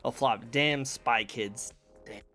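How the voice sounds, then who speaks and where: A man's voice: mid-range voice, takes it slowly, bright, forceful tone, soft background music. A man hosting a casual interview chat, rambling and laughing often. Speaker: interview show host. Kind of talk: casual chat over a call.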